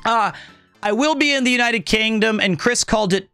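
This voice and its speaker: Upbeat young male streamer, high-pitched, dry close mic. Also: normal speed, pushed and bright, clean tone, no room sound, soft background music. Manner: upbeat, thanks viewers, chatty. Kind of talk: casual live-stream chat.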